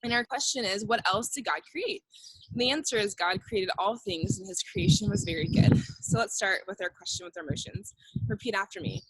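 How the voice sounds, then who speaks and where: Young woman, children's ministry teacher; husky, dry close recording, upbeat and repetitive. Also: mid-range voice, big pitch swings, normal speed, a bit bright, no room sound, low-quality recording. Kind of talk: kids' church lesson.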